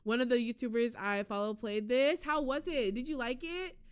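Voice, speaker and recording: A woman streamer reacting live to a game showcase, excitable, with loud exclamations and frequent laughter. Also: fairly high pitch, normal speed, clear, resonant tone. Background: showcase music.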